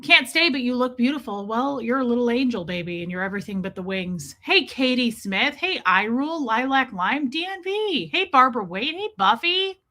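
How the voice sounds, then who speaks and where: A woman's voice: on the high side, big pitch swings, moderate pace, few pauses, pushed and bright. A middle-aged woman hosting a casual livestream, greeting viewers by name in a chatty, affectionate way, calling them babe and girl and poking fun at herself. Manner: self-deprecating, laughs often, bits of mild swearing. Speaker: livestream host.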